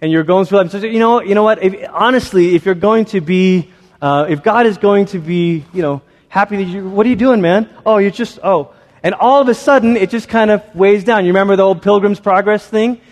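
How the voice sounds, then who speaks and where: A man's voice: sits high, a little fast, big-room sound. A man in his thirties preaching a sermon as a pastor, conversational and self-deprecating, telling stories about his family.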